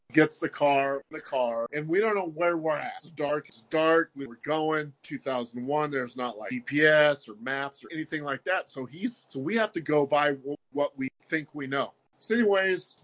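Bright-voiced man telling a story. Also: a little high. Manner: animated, peppers story with "like" and "right?". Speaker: guest. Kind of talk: casual storytelling.

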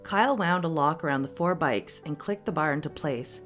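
A woman podcast host reading a story aloud with steady, expressive narration. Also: low-pitched, moderate pace, faint music behind.

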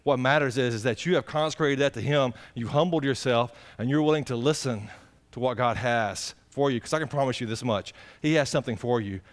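A man's voice: mid-range voice, brisk. A man, a pastor preaching a folksy, conversational sermon and putting direct questions to the congregation.

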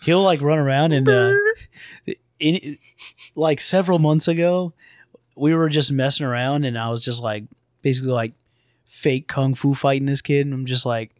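A man's voice: medium pitch, fairly even intonation, normal speed, dry recording. Laid-back jokey man, dry close sound. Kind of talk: casual chat.

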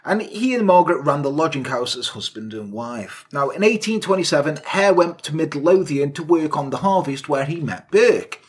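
A man's voice: a little high, animated, normal speed, hardly any pauses, slightly rough. A man co-hosting a podcast, telling a historical crime story in a casual, crude, jokey way. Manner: crude, jokey, sarcastic asides. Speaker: podcast co-host.

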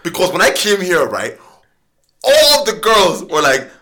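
A young man in casual podcast chat, animated and laughing as he tells jokey stories. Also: high-pitched, a little slow. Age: young adult.

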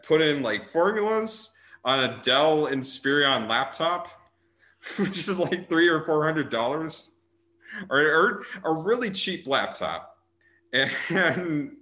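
A man's voice: mid-range voice, pushed and bright. A young man casually chatting about movies as a host, rambling and amused, with frequent restarts and filler words. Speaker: podcast host reviewing movies. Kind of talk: casual chat.

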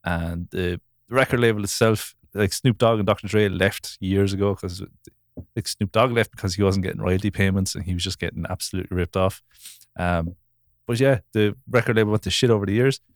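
A man's voice: low voice, a little fast, dry recording, studio quality. A man hosting a podcast, rambling through stories in casual chat and laughing easily. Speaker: podcast host.

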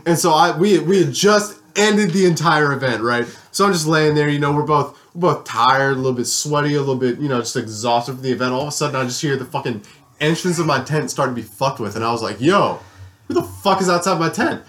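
Young dude on a podcast, mid-pitch voice, rambling and swearing through a party story. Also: male voice, fast talker, fairly bright tone. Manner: rambling, profane, filler-heavy storytelling. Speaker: podcast co-host. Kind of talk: casual storytelling chat.

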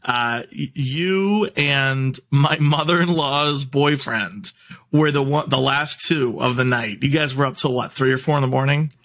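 A man's voice: mid-range voice, unhurried, a bit bright. A young man in casual conversation, chatty and easygoing, often filling his sentences with "like" and restarting them. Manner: chatty, heavy use of "like" and restarts. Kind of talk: casual chat.

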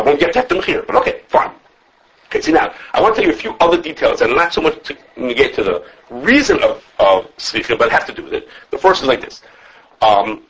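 A husky-voiced man teaches at a rapid clip. His pitch leaps around as he argues through the sources. The recording is dull and lo-fi. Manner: animated, quick, self-correcting, answers questions. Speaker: Torah teacher. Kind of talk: informal halachic class.

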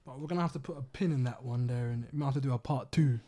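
A man's voice: medium pitch, very fast, warm tone. A young man, joking around and closing the podcast episode. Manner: playful, laughing jokes. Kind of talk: casual chat and sign-off.

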